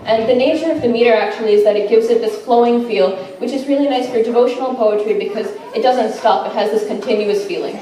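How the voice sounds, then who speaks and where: A woman's voice: on the high side, quick pace, warm tone. Chatty woman presenting in an echoey room. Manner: enthusiastic, chatty, frequent fillers. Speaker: student presenter. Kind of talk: informal class presentation. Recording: echoey room, mic far off.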